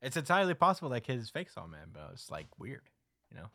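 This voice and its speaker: A man's voice: mid-range voice, huge pitch swings, fast talker, a bit bright. A man hosting a casual podcast, recapping a comic chapter and acting out the characters' lines as he goes. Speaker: podcast host. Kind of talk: casual manga recap chat.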